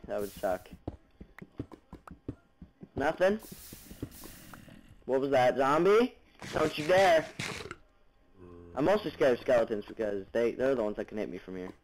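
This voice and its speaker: A man's voice: medium pitch, slight background noise, poor audio. Jumpy young man narrating a block game. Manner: jumpy, chatters at monsters and viewers, sudden yelps. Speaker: gaming channel host. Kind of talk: Minecraft let's play commentary. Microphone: basic computer mic, no headphones.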